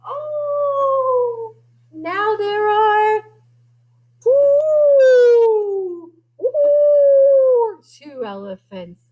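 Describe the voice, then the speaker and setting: A woman music teacher leading young children, sing-song and animated, singing lines for them to echo in her classroom. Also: very high voice, very slow, pauses often, phone-quality sound.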